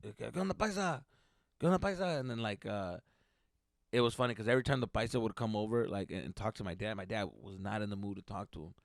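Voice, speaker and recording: Gravelly, heated ranting man. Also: on the low side, fairly even intonation, fast talker, no room sound, studio quality. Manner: heated, swearing, swinging between loud and muttered. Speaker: comedian podcast host. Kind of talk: profane comedic rant.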